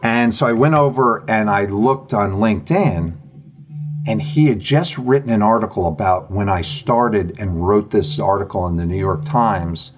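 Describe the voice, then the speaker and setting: A man, a podcast guest and author, telling an animated story in an interview over a video call, acting out the conversations he recounts. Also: lowish voice, normal speed, highs cut off.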